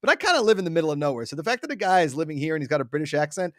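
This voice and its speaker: A man's voice: on the high side, big pitch swings, rapid-fire, no echo, clean studio sound. A man in his thirties co-hosting a casual sports chat, rambling through stories in a chatty way. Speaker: co-host.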